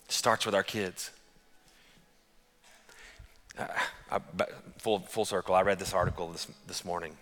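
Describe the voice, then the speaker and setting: A man preaching a sermon as pastor, telling stories in an animated, conversational way. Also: low voice, a little slow, pauses often, long reverb tail.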